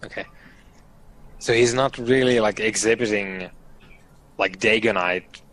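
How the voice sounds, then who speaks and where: Low-voiced man playing a tabletop game. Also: a little slow, fairly bright tone. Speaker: player. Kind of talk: casual tabletop play.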